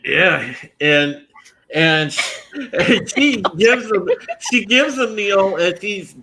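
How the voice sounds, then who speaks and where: Bright, animated man on a podcast panel. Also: high-pitched, slow, low-quality recording. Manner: animated, laughs while retelling scenes. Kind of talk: casual chat.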